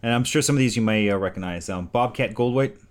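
A man in casual podcast chat, offhandedly reading items off a list with pauses. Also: mid-range voice.

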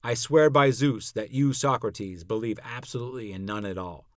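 A man voicing a stubborn young accuser who answers tersely and insistently, a bit lower and quieter than his narration. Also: moderate pace, no room sound, clean studio sound, natural voice. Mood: curt.

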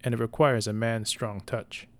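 A man voicing a cunning young noblewoman who sweet-talks and threatens quietly. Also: medium pitch, little pitch movement, normal speed, close to an everyday voice. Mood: coaxing. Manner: sweet-talking, quietly menacing.

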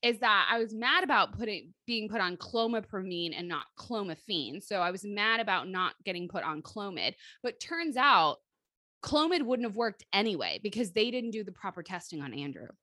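A woman's voice: mid-range voice, expressive, normal speed, pushed and bright, no room sound, studio quality. A woman in her thirties co-hosting a chatty podcast, talking bluntly and swearing freely. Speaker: podcast co-host. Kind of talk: casual chat.

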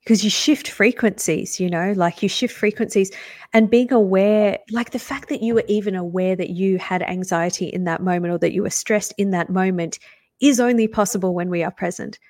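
A woman's voice: medium pitch, moderate pace, a little mellow, dry recording. Upbeat woman with a dry close sound. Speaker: psychic medium, co-host. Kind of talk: casual podcast conversation.

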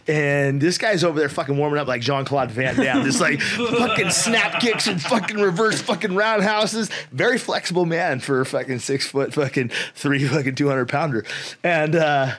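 Man, 40s, podcast guest, animated profane storyteller, voice a bit high. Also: normal speed. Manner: profane, animated, laughs often. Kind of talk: casual storytelling.

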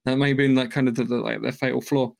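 A man's voice: mid-range voice, flat delivery, quick pace, vocal fry. A man hosting a podcast, giving a loose, profane, rambling recap of a film's plot in casual chat. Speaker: podcast host.

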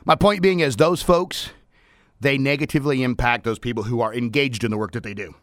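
A man hosting a radio talk show, talking about work with fired-up energy, playful asides and bursts of shouting into the studio microphone. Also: medium pitch, fairly even intonation, brisk, no echo.

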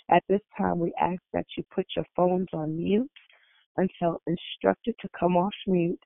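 A woman hosting and greeting on a prayer call. She reads announcements and the order of service in a measured, formal way. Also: on the low side, creaky, dry recording. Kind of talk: scripted announcements. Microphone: phone. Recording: dry tinny phone line.

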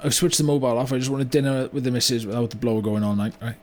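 An actor playing a remorseful older British business owner in a comedy monologue, with a rambling delivery full of "you know" and "right?". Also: male voice, medium pitch, very fast, a little mellow, lightly acted. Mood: rueful. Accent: British English. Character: remorseful older male car yard owner, blunt. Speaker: business owner telling a story. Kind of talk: mock-documentary comedy monologue.

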